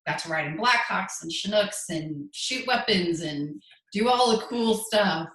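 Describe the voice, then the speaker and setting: A woman's voice: medium pitch, animated, measured pace, fairly bright tone. A woman in her forties, a podcast guest, earnestly telling her story and acting out what people said. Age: 40s. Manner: earnest, storytelling with quoted voices. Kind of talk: podcast interview. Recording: echoey room.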